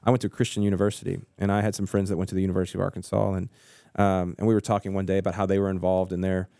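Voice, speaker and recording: A man's voice: deep voice, little pitch movement, racing, gravelly, mellow, smooth, dry recording, clean studio sound. A man, co-hosting a casual church podcast discussion and thinking aloud with frequent restarts. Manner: thoughtful, repeats words as he thinks aloud. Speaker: podcast co-host.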